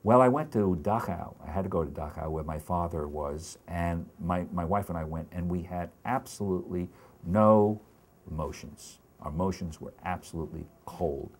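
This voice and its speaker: An older man giving an oral history interview, speaking in a halting, reflective way with many restarts. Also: sits low.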